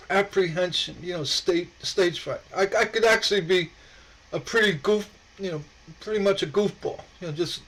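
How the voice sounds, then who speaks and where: High-voiced man rambling on a live stream. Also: low-quality recording. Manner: rambling, halting, with frequent repeated words. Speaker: stained glass pattern designer hosting a live stream. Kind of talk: casual live-stream chat.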